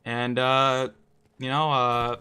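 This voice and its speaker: Bright-voiced young man telling a story. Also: mid-range voice, flat delivery, takes it slowly, smooth. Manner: rambling, profane, lots of "like" and "right?". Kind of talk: casual storytime monologue.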